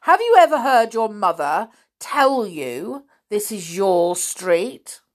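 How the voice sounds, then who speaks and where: A woman reading a story aloud, voicing a big, angry, bullying woman with a loud, snarling, menacing delivery. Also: sits low, expressive, slow pace, heavily acted.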